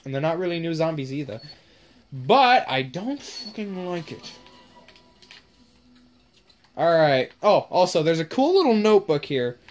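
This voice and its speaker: A woman's voice: low voice, very animated, a little slow, pauses often, darkish tone, soft background music. A woman giving casual, sweary commentary while playing a zombie game. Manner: casual, swears often, drawls. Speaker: gamer. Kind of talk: gaming commentary.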